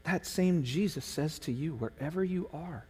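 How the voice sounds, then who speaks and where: A man's voice: on the high side, moderate pace, dark tone, breathy edge. A man preaching a sermon as pastor of a church, earnest and emotional, building to fervent emphasis. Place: church sanctuary. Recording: long hall reverb.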